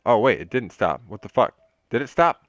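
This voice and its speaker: A man's voice: mid-range voice, sing-song, moderate pace, no echo, faint music behind. A man streaming a game, chatting in a rambling, profane way with lots of fillers. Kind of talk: casual chat while streaming a game.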